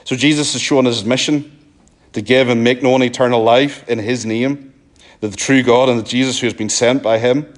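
A man with a Northern Irish accent preaching a sermon, earnest and pleading, often sinking to a soft, low emphasis. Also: fairly even intonation, moderate pace. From Northern Ireland.

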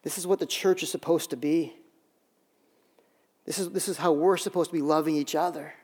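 Male pastor, high voice, relaxed sermon with self-deprecating asides and lots of restarts. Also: fairly quick. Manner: conversational, self-deprecating storytelling with many restarts.

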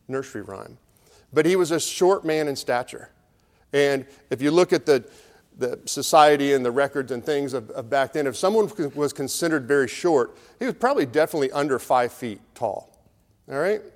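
Man preaching a conversational sermon. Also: medium pitch. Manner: conversational, storytelling preaching with acted crowd voices. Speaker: pastor. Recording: long hall reverb.

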